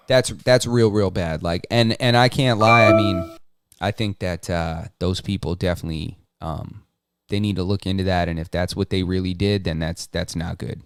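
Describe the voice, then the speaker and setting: A man's voice: low-pitched, steady tone, normal speed, smooth, no echo. A man co-hosting a podcast, chatting casually and rambling, with frequent restarts and casual swearing. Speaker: podcast co-host. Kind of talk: casual chat.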